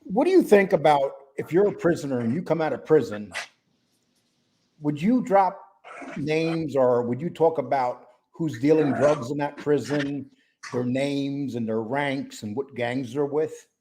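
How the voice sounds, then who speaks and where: A man hosting a casual live-stream show, greeting chat viewers by name in a relaxed, rambling way. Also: medium pitch, a little slow, a little hiss or hum. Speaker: host.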